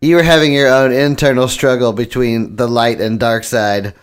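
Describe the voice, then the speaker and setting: A man's voice: mid-range voice, fairly even intonation, normal speed, heavy background noise. A man in casual chat who makes teasing remarks.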